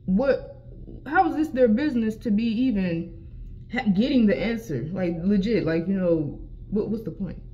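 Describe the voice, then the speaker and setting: A young adult woman telling a casual storytime vlog, animated and profane, with lots of slang and acted-out quotes of herself. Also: mid-range voice, normal speed. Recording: slightly dull lo-fi sound.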